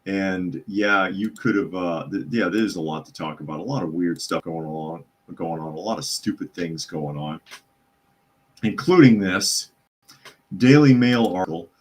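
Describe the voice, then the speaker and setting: A man's voice: sits low, normal speed, darkish tone. A man hosting a live news commentary podcast from home, chatting casually with sarcastic asides between reading articles. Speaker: podcast host. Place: hot home room with a loud computer fan.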